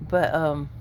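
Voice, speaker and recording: A woman rambling casually to her viewers while in pain from a migraine, speaking low and quiet, wandering off her thread and laughing often. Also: slight background noise. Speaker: vlogger. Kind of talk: casual rambling monologue to camera.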